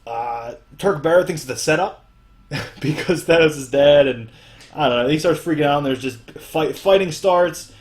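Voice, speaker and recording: This young podcast host has a slightly high voice and talks at normal speed. In relaxed conversation he recaps at length, wandering along and leaning on lots of fillers.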